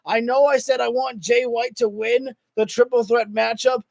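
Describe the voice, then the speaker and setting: A man hosting a wrestling livestream who talks casually to his chat, rambling and excitable with lots of fillers, and is losing his voice. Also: extremely high pitch, moderate pace, gravelly, no echo. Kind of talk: casual live commentary to chat.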